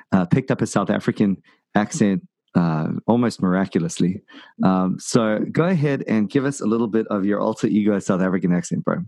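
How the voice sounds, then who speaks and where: A man hosting a casual podcast, talking in a rambling, jokey way with plenty of uhs and false starts. His voice is on the low side, and the recording is dry and close with no room sound. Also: darkish tone, no echo. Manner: rambling, many fillers and restarts, jokey. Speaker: podcast host.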